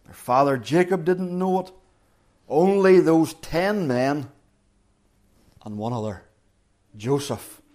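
A man's voice: on the high side, lively intonation, slow pace, pauses often, darkish tone. A middle-aged man preaching a sermon, retelling a story dramatically and acting out the quotes.

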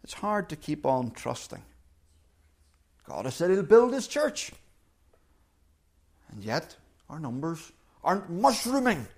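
Earnest high-voiced male preacher with lively pitch. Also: takes it slowly, gravelly, pauses often. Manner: earnest, acts out quoted voices with shifting volume. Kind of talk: sermon.

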